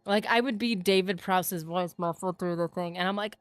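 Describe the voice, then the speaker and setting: Excitable woman gaming streamer, chatty and fired up, mid-pitched voice, dry close mic. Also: brisk, hardly any pauses, smooth, dry recording. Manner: animated, excitable, chatty with chat. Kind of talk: casual livestream chat.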